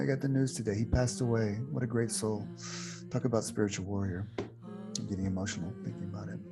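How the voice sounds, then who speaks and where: A man teaching a spiritual meditation workshop, talking in an unhurried, earnest way with frequent fillers and restarts. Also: medium pitch. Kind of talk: reflective spiritual workshop talk.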